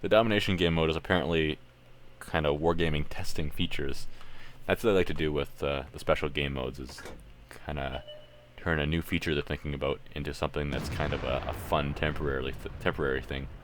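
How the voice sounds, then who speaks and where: Very deep-voiced Canadian man. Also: fairly even intonation, fairly quick, slight background noise. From Ontario, Canada. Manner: casual, thinking aloud, matter-of-fact. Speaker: streamer. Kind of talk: live gameplay commentary.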